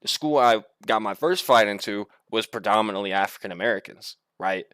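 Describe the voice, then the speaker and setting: Young male vlogger, loose and profane storyteller, punchy bright tone. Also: fairly low pitch, brisk, clear, resonant tone, no echo, studio quality. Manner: rambling, profane, laughs while telling. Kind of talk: casual storytelling.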